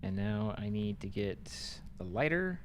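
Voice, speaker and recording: A man's voice: fairly low pitch, sing-song, unhurried, slight background noise. A man co-op gaming on stream, explaining game mechanics in loose casual chat with dry jokes. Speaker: co-op game partner.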